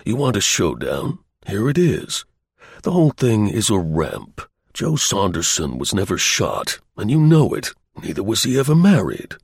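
A man voicing a brisk, cheerful and shrewd middle-aged gentleman in an audiobook, blunt and genial in manner. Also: medium pitch, wildly swooping pitch, vocal fry, slightly rough, no echo, clean studio sound, heavily acted. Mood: hard.

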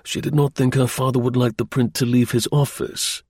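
Man voicing a smug confident spy, low husky voice, easy confiding tone. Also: level tone, normal speed, darkish tone, no echo, studio quality, lightly acted.

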